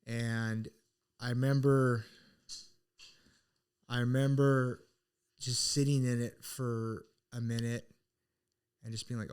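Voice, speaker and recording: A man's voice: medium pitch, level tone, takes it slowly, long pauses, a little mellow, clean tone. A middle-aged man co-hosting a podcast, earnestly telling a personal story in a casual, reflective way, with many restarts. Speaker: podcast co-host.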